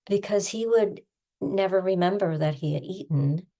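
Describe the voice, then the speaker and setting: An older woman giving a self-help tapping lesson in a gentle, encouraging manner. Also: lowish voice, moderate pace. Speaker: tapping coach.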